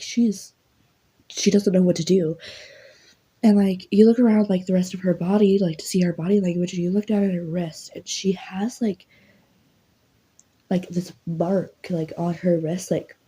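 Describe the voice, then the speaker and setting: A woman's voice: fairly low pitch, mellow, husky, rough recording. A young woman rambling through a second-person story with many fillers, in whispered role-play.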